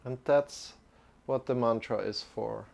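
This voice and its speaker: A man leading a live-streamed yoga lesson, calm and halting, with many restarts. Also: medium pitch, creaky. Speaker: yoga teacher.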